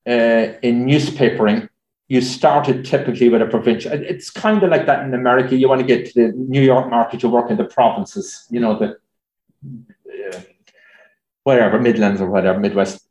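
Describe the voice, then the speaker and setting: A man's voice: medium pitch, a little fast, darkish tone. Irish guy rambling through q&a stories, lots of ums, roomy sound. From Ireland. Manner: chatty, anecdotal, many fillers and restarts. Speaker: journalist and speaker. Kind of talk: audience Q&A at a talk. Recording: roomy echo.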